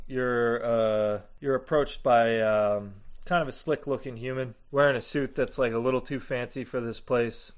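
Laid-back man running a tabletop game. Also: mid-range voice. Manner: casual, laid-back narration with fillers. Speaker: game master.

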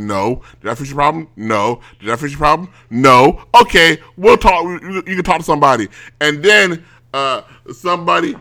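Bright, fairly high man, rants and restarts a lot, casual podcast co-host. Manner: ranting, exasperated storytelling with lots of restarts.

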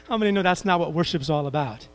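A man's voice: a little high, soft background music. A man preaching a sermon, drawing the congregation into repeating verses and adding light humorous asides. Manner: quotes King James scripture with slow emphasis.

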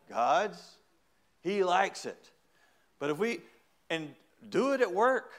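Preaching with homespun humor, this middle-aged man acts out little quoted voices before climbing into loud, forceful praise. His voice is high-pitched.

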